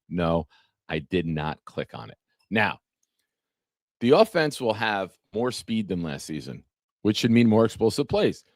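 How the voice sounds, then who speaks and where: A man's voice: lowish voice, dry recording, clean studio sound. A man hosting a casual live-streamed sports talk show, chatting with viewers by name and reading from an article. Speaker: podcast host.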